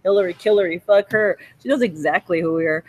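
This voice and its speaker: A woman in a cafe giving a rambling, profane monologue that jumps between topics and breaks into high bursts of laughter. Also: fast, poor audio.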